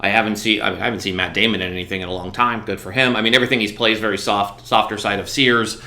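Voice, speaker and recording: A man hosting a talk show, chatting casually and voicing his opinions emphatically, often getting loud. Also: lowish voice, steady tone, quick pace, reverberant. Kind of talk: casual interview conversation.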